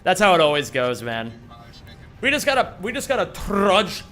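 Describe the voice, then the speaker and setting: A man's voice: high-pitched, very animated, moderate pace, fairly bright tone, faint music behind. A young man live-streaming a game, joking around casually and greeting viewers by name. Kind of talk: casual live-stream chat while gaming.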